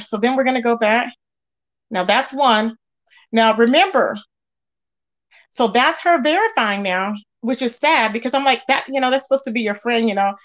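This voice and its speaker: Woman spilling tea to her viewers, kinda high voice, animated and chatty, lots of ums. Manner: animated, talks straight to viewers with many fillers. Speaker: commentary channel host. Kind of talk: casual gossip commentary.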